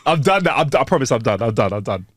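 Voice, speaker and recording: Playful man, lively voice. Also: medium pitch, quick pace, no room sound, studio quality. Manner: playful, giggly, voices joke characters. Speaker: podcast co-host. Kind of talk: casual comedy chat, reading jokes.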